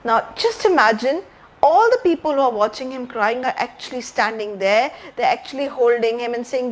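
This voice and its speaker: A woman's voice: a little high, expressive, normal speed. A woman with an Indian English accent giving a live educational health talk, telling a story and asking the audience questions. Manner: storytelling, repeats phrases, asks audience questions. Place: library talk room.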